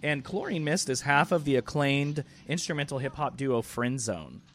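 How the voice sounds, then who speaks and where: A man's voice: medium pitch, expressive, normal speed. A man hosting a casual online hangout, loose and slangy, talking over a video call. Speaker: host. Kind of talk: casual chat.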